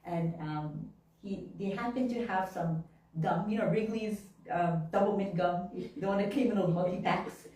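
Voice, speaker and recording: A woman telling childhood stories during a sermon, animated and laughing often, acting out little voices along the way. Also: mid-range voice, moderate pace. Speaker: minister. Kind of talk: storytelling sermon. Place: church hall. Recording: very echoey room, mic at a distance.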